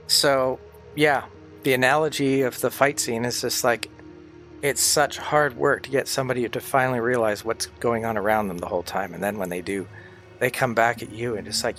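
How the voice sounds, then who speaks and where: A man's voice: medium pitch, fairly bright tone. A man chatting casually on a livestream, rambling and swearing freely, sounding tired and sick.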